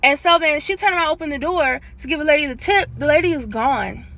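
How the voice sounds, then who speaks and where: A woman's voice: high-pitched, fast talker. A woman, casually telling a personal story into a handheld phone and chatting to viewers. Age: late 20s. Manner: chatty, animated, addresses viewers as y'all.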